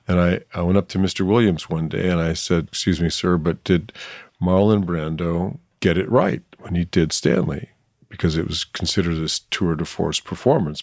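An older man with a deep, low-pitched voice and a Southern accent tells stories with lively, animated energy, laughing often. His voice is recorded close and dry, with no room sound around it. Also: dry recording. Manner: animated anecdotal storyteller who laughs often. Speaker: actor guest. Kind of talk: casual interview storytelling.

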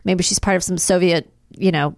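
A woman co-hosting a podcast in casual chat, animated and blunt, swearing freely. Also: fairly low pitch, creaky, dry recording, studio quality. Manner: animated, swears, quick asides. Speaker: podcast co-host.

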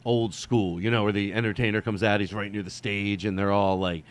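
A man's voice: on the low side, steady tone, a little fast. A man rambling through a casual solo monologue to his viewers, digressive, with casual swearing and lots of fillers. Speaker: vlogger.

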